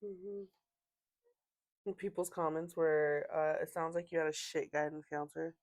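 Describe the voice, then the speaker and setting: A woman with a deep, darkish voice hosts a podcast, casually reading online stories aloud and chatting about them with laughs and fillers. Her intonation stays fairly even and her pace is moderate.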